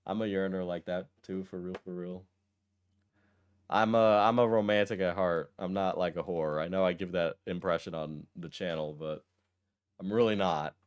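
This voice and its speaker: A male streamer casually reading a post aloud and breaking off for wry, deadpan asides. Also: deep voice, normal speed, clear, resonant tone. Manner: wry, deadpan asides between read passages. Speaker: streamer reacting to a text post.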